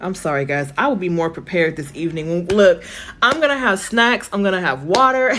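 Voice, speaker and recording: A woman giving a live-stream tarot reading from her phone, chatty and reassuring, thinking aloud with lots of fillers, her voice going hoarse. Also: mid-range voice, lively intonation, normal speed, fairly bright tone, slight background noise. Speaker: tarot reader.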